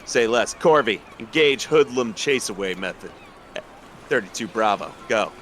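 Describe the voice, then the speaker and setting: A man's voice: on the low side, animated, measured pace, fairly bright tone, a little hiss or hum. A man playing a tabletop game, joking in slangy speech. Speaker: player.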